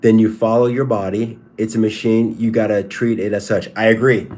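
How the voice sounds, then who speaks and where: A man's voice: fairly low pitch, flat delivery, normal speed, a little mellow. A man hosting a casual livestream who answers chat questions in a repetitive, stop-start, emphatic way. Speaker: livestream host and fighter.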